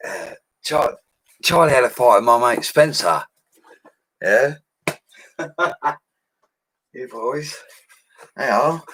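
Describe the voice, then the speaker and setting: A man's voice: mid-range voice, animated, takes it slowly, long pauses, a bit bright, a little hiss or hum. A man chatting casually on a live stream, upbeat and slangy, laughing often as he reads viewer comments. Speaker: livestream host reading viewer comments. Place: home studio.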